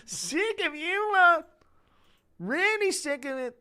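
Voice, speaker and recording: A female-sounding synthetic voice reading chat messages as a meek, preachy, self-pitying young man in a flat, measured way. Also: extremely high pitch, full character voice.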